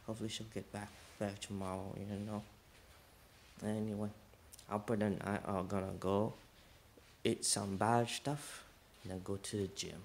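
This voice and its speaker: A man's voice: on the low side, little pitch movement, measured pace, long pauses. A man filming a casual vlog at home, chatting to viewers and calling his dogs. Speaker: vlogger. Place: at home, then in a garage. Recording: noisy home video.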